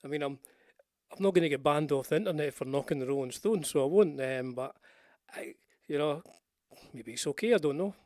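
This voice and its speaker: A man's voice: on the high side, brisk, darkish tone, no room sound, studio quality. An older Scottish man hosting a casual livestream, chatting in a meandering way with frequent restarts and asides. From Scotland. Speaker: livestream host. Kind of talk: rambling casual livestream chat.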